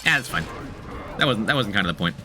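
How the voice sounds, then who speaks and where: A man's voice: on the low side, expressive, fast talker, pushed and bright, faint music behind. A man streaming a game, chatting casually, thinking aloud, repeating himself and talking to his chat. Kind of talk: casual gameplay commentary.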